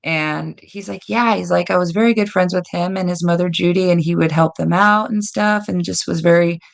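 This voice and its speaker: A woman guest telling lively stories in a casual interview, acting out quoted dialogue. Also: lowish voice, fairly quick, gravelly. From United States. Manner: animated, lots of "like" and quoted dialogue. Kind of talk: casual storytelling.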